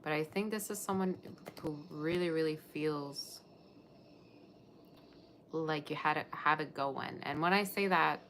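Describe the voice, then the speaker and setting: A woman with a low voice and a gravelly edge gives a live tarot reading. She talks in a chatty, rambling way and answers her viewers' comments as she goes. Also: measured pace, fairly bright tone, slight background noise. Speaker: tarot reader.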